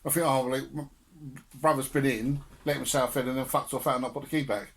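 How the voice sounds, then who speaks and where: A man's voice: mid-range voice, fairly even intonation, quick pace, a bit bright. A young man on a podcast telling family stories with laughter and swearing in casual chat. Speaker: podcast co-host.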